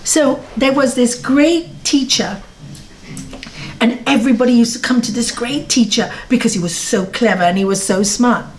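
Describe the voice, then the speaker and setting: A woman's voice: on the high side, moderate pace. A woman giving a spiritual talk to a live audience in a yoga centre, speaking directly, repeating words for emphasis and asking the audience questions. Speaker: spiritual teacher.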